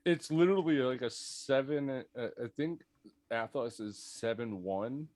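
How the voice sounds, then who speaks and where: A man talking as a player in a tabletop game, animated and joking. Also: medium pitch, unhurried, dry recording.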